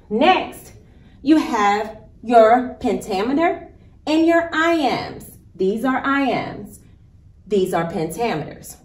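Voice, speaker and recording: A woman teacher giving a recorded virtual lesson, explaining step by step in a patient, deliberate way. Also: mid-range voice, echoey room.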